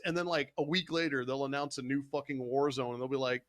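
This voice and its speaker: A man's voice: medium pitch, fast talker, few pauses, no room sound. A man co-hosting a casual gaming podcast, ranting with heavy swearing about game companies and mocking gamers. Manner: heated, swearing, mocks gamers in put-on quotes. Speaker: podcast co-host.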